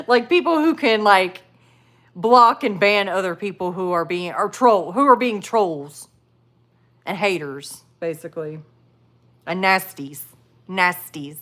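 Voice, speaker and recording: A woman runs a casual live stream and talks straight to her viewers as she reads the chat. Her voice sits at a middle pitch, and she rambles loosely with frequent laughs and plenty of "like" fillers. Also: fairly bright tone. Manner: chatty, laughs often, many "like" fillers. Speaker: livestream host reading chat.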